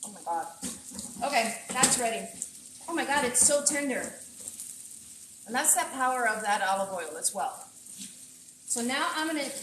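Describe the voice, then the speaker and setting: A woman's voice: on the high side, fairly bright tone, reverberant, a little hiss or hum. A woman chef cooking at home on a casual livestream, chatting to viewers in a gushing way and dropping in Spanish phrases. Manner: gushing, exclaims often, mixes in Spanish phrases. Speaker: chef streaming a cooking session. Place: home kitchen.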